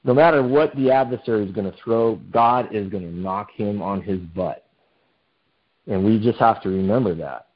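A man's voice: fairly low pitch, moderate pace. Man preaching a casual Bible study. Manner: reads scripture then comments conversationally, many fillers. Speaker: pastor. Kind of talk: informal Bible study sermon. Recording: dull lo-fi sound.

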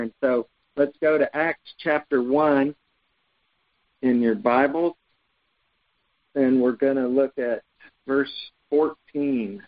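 A man's voice: a little high, narrow, tinny audio. A man from the United States teaching a Bible study in an easygoing, conversational way, reading verses aloud and stumbling over words now and then. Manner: conversational, reads scripture aloud with frequent restarts.

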